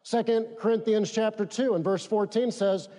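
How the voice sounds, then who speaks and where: High-pitched man preaching, mellow voice, long hall echo, gets people to say lines back. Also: steady tone, normal speed. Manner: emphatic, leads congregation in call-and-response. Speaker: pastor. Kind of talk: sermon.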